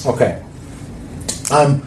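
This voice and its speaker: A man's voice: drawn-out words, reverberant, a little hiss or hum. A man telling a story in casual podcast chat, rambling and swearing freely. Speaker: podcast co-host.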